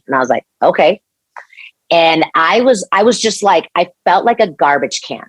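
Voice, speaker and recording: A young adult woman from Mexico, a podcast guest telling a personal story in an earnest, animated way, with many restarts. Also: fairly low pitch, moderate pace, no echo.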